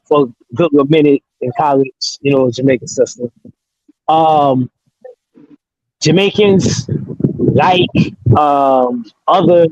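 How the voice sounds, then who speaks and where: A man weighs his answer slowly and hesitantly, with plenty of pauses and fillers. His voice sits a bit high. The sound is dry, close and somewhat dull, as if recorded on basic equipment. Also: a little mellow, husky, no room sound. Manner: slow, hesitant, many "um" and "you know". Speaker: podcast guest. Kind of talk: casual chat.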